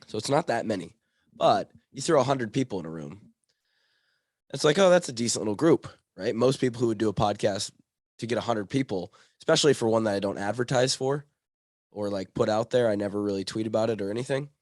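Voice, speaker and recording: A young man with a hoarse voice from a cold, hosting his podcast in rambling, self-correcting casual talk. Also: lowish voice, a little fast, darkish tone, no echo, clean studio sound. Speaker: podcast host.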